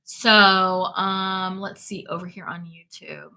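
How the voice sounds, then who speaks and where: A woman's voice: medium pitch, steady tone, takes it slowly, sharp tone. A woman hosting a spirituality livestream, chatting casually and reading out viewer comments, emphatic and prone to repeating herself.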